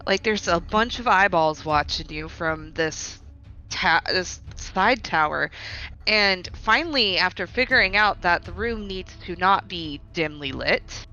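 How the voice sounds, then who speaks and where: A woman running a tabletop game as dungeon master, chatting and recapping with quick self-deprecating asides. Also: on the low side, bright, forceful tone. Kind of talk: casual game-master chat and narration. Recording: dull lo-fi audio with faint music.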